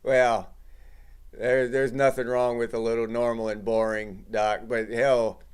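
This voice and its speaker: A man's voice: medium pitch, little pitch movement, a little slow, smooth. A middle-aged man hosting a casual livestream, chatting loosely and greeting viewers in the chat. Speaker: livestream host.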